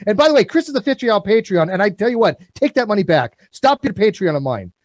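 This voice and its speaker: A man's voice: high voice, big pitch swings, quick pace, dry recording. A man hosting a live call-in debate, confrontational and swearing, hammering the same demand over and over. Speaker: host of a call-in debate stream.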